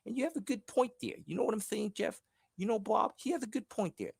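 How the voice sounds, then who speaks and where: A man doing a comedic impression of a famous boxer, rambling and excitable. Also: vocal fry, breathy edge, no echo, exaggerated voice. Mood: excited. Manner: rambling, high-pitched, rapid run-on talk.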